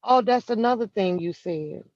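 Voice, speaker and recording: A vlogger sits in a vehicle and delivers a heated, profane rant straight at someone. Key words get drawn out slowly for emphasis. The recording is dull and lo-fi, with a dry, close sound. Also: medium pitch, expressive, a little mellow, dry recording. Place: inside a vehicle.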